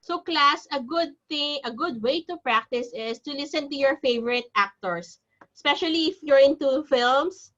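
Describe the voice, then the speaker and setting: A woman IELTS teacher with a high voice leads an online exam-prep class at a moderate pace, her tone fairly bright. She explains things step by step in a chatty, reassuring way, though the video-call audio sounds dull.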